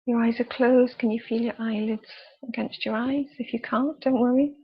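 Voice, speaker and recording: A woman leading a guided body scan meditation with slow, soft, calm instructions and pauses. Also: on the high side, husky, highs cut off. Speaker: youth worker leading a relaxation exercise.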